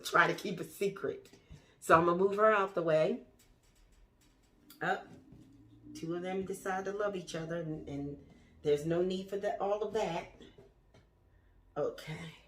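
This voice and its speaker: A woman's voice: on the low side, a little slow, pauses often, fairly bright tone. A woman showing her houseplants to viewers in a chatty, gushing way, talking straight to the camera and sometimes dropping to a whisper. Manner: drops to a whisper at times. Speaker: plant vlogger. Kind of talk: casual show-and-tell to viewers. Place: indoors among houseplants. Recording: echoey room.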